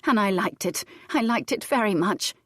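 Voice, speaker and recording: A woman's voice: mid-range voice, animated, normal speed, husky, no echo, clean studio sound, pitched above the performer's own voice. A woman voicing a proud, indignant young noblewoman in an audiobook, haughty and snapping. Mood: defiant.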